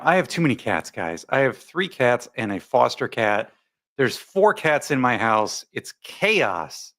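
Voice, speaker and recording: A man's voice: mid-range voice, fairly bright tone. A man hosting a casual live stream, reading out viewer comments and rambling with frequent laughs. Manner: chatty, rambling, laughs often. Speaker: livestream host.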